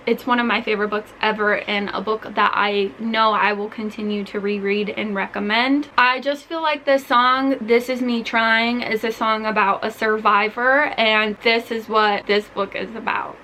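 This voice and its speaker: Bright, gushing young woman book vlogger. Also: medium pitch, little pitch movement, moderate pace, few pauses, slight background noise, low-quality recording. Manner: gushing, chatty, heavy use of "like". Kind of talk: casual book recommendations.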